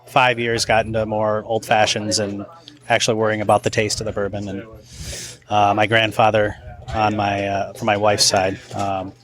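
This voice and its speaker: A man in his early thirties answers questions in a soft, unhurried manner. His voice sits somewhat low. He sounds relaxed as a guest at the event. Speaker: guest, bourbon fan. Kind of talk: casual interview answers. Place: outdoor wine garden event.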